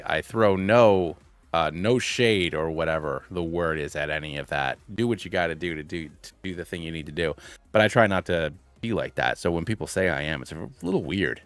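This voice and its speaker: Mężczyzna około trzydziestki, streamer, mówi swobodnie i chaotycznie, z mnóstwem wtrąceń. Ma dość niski głos, ale bardzo żywą intonację. Nagranie z mikrofonu przy biurku jest suche, a w tle cicho gra muzyka z gry. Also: male voice, low-pitched, a bit bright, no room sound. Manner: rambling, filler-heavy, self-deprecating. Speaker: gaming streamer. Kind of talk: casual live-stream chat.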